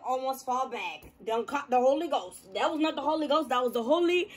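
A young woman vlogger telling a story in a casual, animated and dramatic way. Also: high-pitched, fast.

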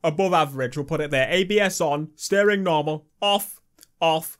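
A young man giving cheeky, sweary, excitable commentary while playing a video game. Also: a little high, normal speed. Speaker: gaming YouTuber. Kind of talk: casual gameplay commentary. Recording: game music playing underneath.

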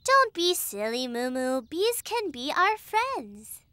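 A preening cartoon giraffe girl, high and lilting. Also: very animated, slow pace, sharp tone, full character voice. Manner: sing-song, self-admiring. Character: vain, dreamy young female cartoon giraffe.

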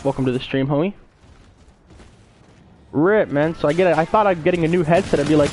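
Young guy streaming games, slightly high voice, greets chat one name after another on his headset. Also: quick pace, long pauses, a little mellow, a little hiss or hum. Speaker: game streamer. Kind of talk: casual live-stream chat. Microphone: gaming headset.

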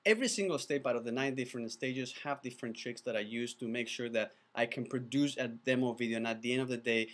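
A man who is not a native English speaker, pitching his video course in an enthusiastic, chatty way, often restarting his words. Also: fast, hardly any pauses, a bit bright. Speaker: animated video producer teaching a course. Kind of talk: casual course pitch to camera.

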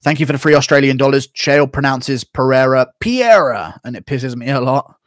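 A man's voice: medium pitch, animated, moderate pace, dry recording, studio quality. A young man on a live stream, casually reading out donations and giving blunt fight opinions. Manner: blunt, rambling, reads donations.

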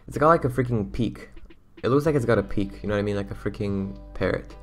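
A young man giving excitable, slangy, rambling commentary on a video game as its YouTuber host. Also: fairly low pitch, fast talker, faint music behind. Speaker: gaming YouTuber. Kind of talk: casual gameplay commentary.

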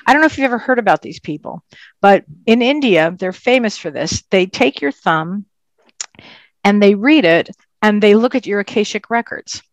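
An animated woman of medium pitch tells her story in a casual interview as a psychic medium guest. She leans hard on key words. The sound is close and dry, with no room echo. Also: moderate pace.

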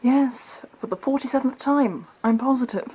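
A woman's voice: high voice, moderate pace, dark tone, a little hiss or hum, lightly acted, low-quality recording. A woman voicing a stern, secretive young woman Jedi who gives clipped answers, in an amateur stop-motion film. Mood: curt. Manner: curt and commanding.

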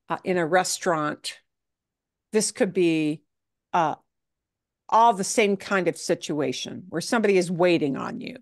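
A woman teaching a beginner Spanish class, explaining grammar in a chatty, lively way. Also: mid-range voice, no room sound, clean studio sound. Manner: chatty, animated, acts out examples in funny voices. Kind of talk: online language class, explaining.

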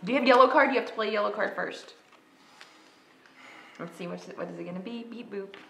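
A woman's voice: mid-range voice, fast talker, bright, forceful tone, roomy sound, a little hiss or hum. A woman co-hosting a casual board game playthrough, playful and chatty, tossing in robot beep-boop noises. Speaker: co-host.

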